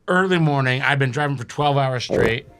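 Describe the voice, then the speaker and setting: Gravelly, bright-voiced man telling stories. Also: medium pitch, moderate pace. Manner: profane, animated, laughs mid-sentence. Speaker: podcast guest. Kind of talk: casual comedic storytelling. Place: podcast studio.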